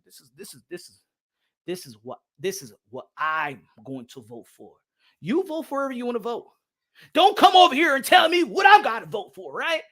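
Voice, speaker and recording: A man's voice: extremely high pitch, fairly bright tone. A man giving a brash, profane comedic rant, mixing in Spanish. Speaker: comedic commentator.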